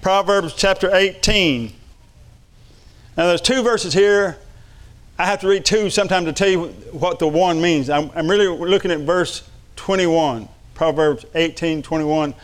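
A man's voice: high voice, unhurried. A middle-aged man preaching a sermon, fervent and repetitive. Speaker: pastor.

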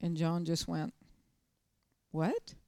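A woman's voice: fairly low pitch, unhurried, clean tone, no echo, studio quality. Woman, pastor, sermon storytelling, emphatic, urgent bursts, resonant voice.

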